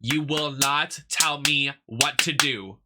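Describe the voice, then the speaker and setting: A man's voice: a little high, slow pace, very noisy. A young man from the United States who streams games and chats in a sassy, emphatic, ranting way. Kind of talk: casual chat while gaming.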